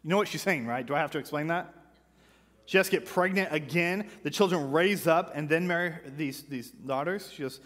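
A man preaching a sermon in a church, reading scripture with joking asides and swinging from loud bursts to hushed lines. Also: on the high side, brisk. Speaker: pastor. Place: church sanctuary. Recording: church hall reverb.

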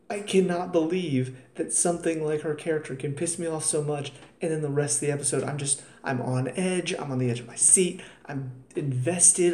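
A man's voice: a little high, darkish tone. A man giving a casual spoken review of a TV episode, exasperated and sarcastic, sounding tired. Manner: exasperated, ranting, sarcastic asides. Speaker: TV show reviewer. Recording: roomy echo, faint ambience.

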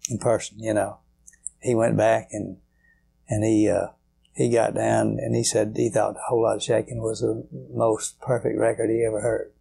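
With a lowish, warm voice marked by vocal fry, an older man tells rambling stories as a guitarist being interviewed. His folksy delivery is thick with filler words.

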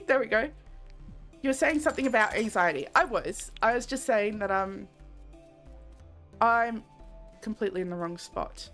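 A young woman streaming a game, chatting candidly and rambling in a soft-spoken way, laughing often. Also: a little high, lively intonation, moderate pace, pauses often, faint music behind. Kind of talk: casual live-stream chat while gaming.

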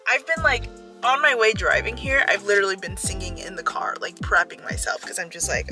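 A woman's voice: medium pitch, animated, a little fast, music in the background, poor audio. A young woman vlogging casually from inside her parked car, chatty and giggly, talking to a dashboard camera. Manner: chatty, giggly, lots of filler "like". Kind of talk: casual vlog chat.

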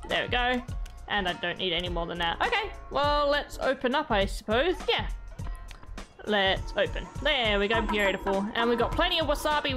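Chatty lively woman gamer. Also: mid-range voice. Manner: chatty, laughing, talks to game characters. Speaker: gaming channel host. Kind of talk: let's-play commentary.

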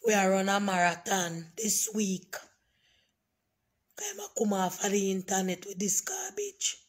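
A hoarse woman, scolding and repeating herself emphatically in a ranting vlog. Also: medium pitch, expressive, unhurried. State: hoarse, voice nearly gone. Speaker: online commentator.

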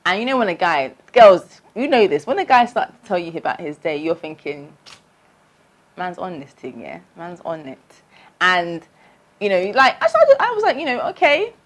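A young woman from tells a personal storytime on her vlog. Her speaking voice sits on the lower side, but it leaps up high whenever she acts out what she thought back then. She talks in a chatty, animated way, straight to her viewers. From London. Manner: animated storytelling, acting out her own past voice with big pitch jumps. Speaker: vlogger.

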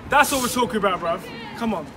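Man, barber, slangy teasing banter, distant mic, loud shop noise. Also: high voice, animated, fast. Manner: laid-back slangy teasing. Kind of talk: casual joking banter.

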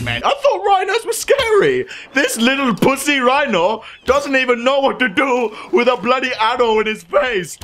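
A young man commentating his gameplay, excitable, often yelling, laughing and swearing. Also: high voice. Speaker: gaming commentator. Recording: game music behind the voice. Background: game music.

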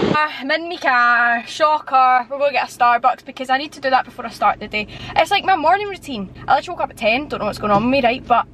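A woman's voice: high voice, noisy background. A woman of twenty-one, vlogging in a rambling, chatty way full of filler words. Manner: chatty, rambling, fills speech with "like". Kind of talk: casual chatty vlog.

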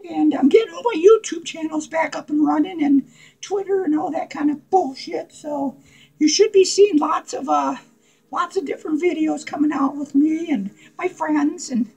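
A man's voice: very high voice, moderate pace, gravelly, a little mellow, poor audio. A man playing a manic, unhinged male clown who rambles giddily and crudely in a comedic character vlog, cackling and swearing. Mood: giddy. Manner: cackling, profane, giddy rambling.

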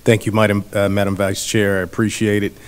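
A school superintendent thanking board members in an earnest, halting way with many filler words. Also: male voice, fairly low pitch, little pitch movement, smooth. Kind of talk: formal address at a meeting.

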